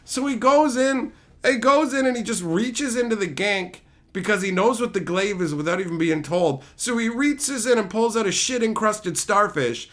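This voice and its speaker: High-voiced man ranting profanely on stream. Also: lively intonation, moderate pace, a bit bright. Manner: answers viewer chat. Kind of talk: casual livestream chat.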